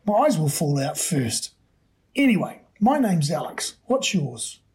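A man's voice: a little high, very animated, measured pace, darkish tone. A man voicing a cheerful, teasing eleven-year-old girl in a hospital ward, in a raised, chirpy voice. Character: cheerful bald girl patient, about eleven.

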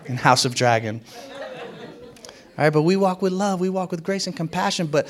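A man's voice: high-pitched, expressive, moderate pace, long pauses. A man preaching a sermon as a pastor, in a conversational and playful way, often laughing and acting out what others said.

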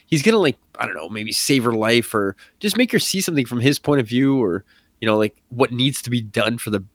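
A man co-hosting a casual podcast chat, animated and excited, full of fillers and acted-out quotes. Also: mid-range voice, brisk, no echo, studio quality. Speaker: podcast co-host.

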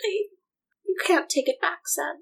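A frightened young heroine pleads in a high, shaky voice, as a woman puts her on. She speaks slowly, raised well above her usual voice, for a tabletop game. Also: gravelly, fairly bright tone, full character voice, low-quality recording. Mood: pleading.

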